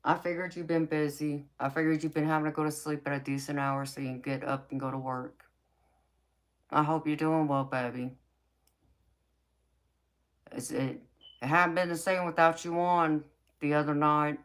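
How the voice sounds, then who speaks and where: Low raspy woman chatting with her viewers. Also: steady tone, normal speed, long pauses. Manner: sassy, affectionate, calls viewers baby. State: dry mouth from talking a lot. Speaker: tarot reader and live-stream host. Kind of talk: late-night live chat, answering viewer comments.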